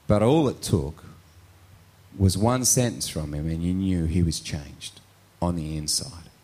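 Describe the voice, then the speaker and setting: A man's voice: low-pitched, measured pace, mellow. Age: adult. A male pastor telling a story in a conversational sermon, often tagging his points with "right?". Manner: storytelling, frequent "right?" tags.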